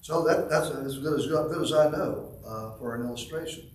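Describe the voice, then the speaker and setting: A pastor preaching a sermon, swelling to loud emphatic lines and dropping into quick quiet asides. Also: male voice, fairly high pitch. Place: church sanctuary. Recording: echoey church from a distant mic.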